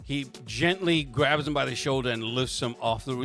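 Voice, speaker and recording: A man narrating a tabletop role-playing game as game master, animated and quick to laugh. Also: mid-range voice, soft background music.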